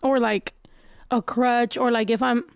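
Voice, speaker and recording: A woman's voice: on the high side, fairly even intonation, a little slow, vocal fry, clear, resonant tone. A casual woman with a stuffy nose, chatting bluntly and often profanely while reading viewer comments. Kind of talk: casual chat.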